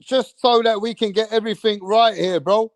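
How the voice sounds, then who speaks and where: A man hosting a live boxing stream, talking in a streetwise, slang-heavy way and keeping up a steady chat straight to the viewers. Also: sits high, moderate pace, dry recording. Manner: streetwise, slang-heavy, keeps saying bro and bruv. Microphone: streaming setup mic.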